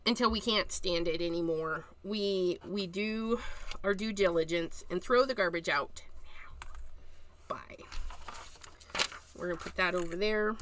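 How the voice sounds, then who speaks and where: A woman's voice: medium pitch, bright, forceful tone. A woman hosting a live card-making tutorial, chatting and joking to herself as she works. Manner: chatty, jokey, talks to herself while working.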